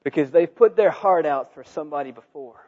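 A man's voice: on the high side, brisk, phone-quality sound. A man preaching a sermon, telling a story and acting out the voices in it. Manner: animated, acts out voices in his story.

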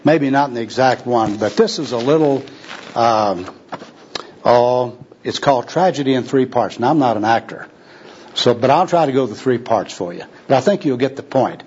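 A man's voice: medium pitch, expressive, normal speed, a little mellow, a little hiss or hum. A man preaching a sermon, telling a story in a folksy, conversational manner, heard on a dull lo-fi recording.

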